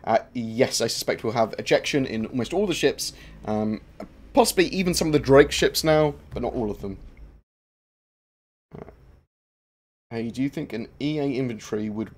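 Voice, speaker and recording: On a gaming channel livestream, a male host casually fields viewer questions, rambling in a relaxed way with plenty of filler sounds. His voice sits in the mid-range and he talks at a normal speed.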